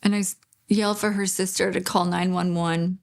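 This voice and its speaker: A woman speaking as a grieving mother in an interview, halting and pausing, restarting her sentences. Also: on the low side, level tone, creaky. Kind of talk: emotional interview testimony.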